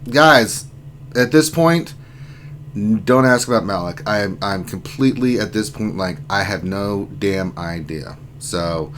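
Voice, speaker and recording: A man's voice: on the low side, a little slow, fairly bright tone, slight background noise. A man hosting a casual gaming livestream, rambling and joking as he reads chat messages aloud. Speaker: streaming host.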